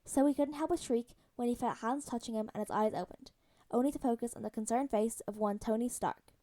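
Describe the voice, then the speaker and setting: Soft-voiced woman reading a story. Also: on the high side, fairly quick. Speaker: podfic reader. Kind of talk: audiobook-style fan fiction reading.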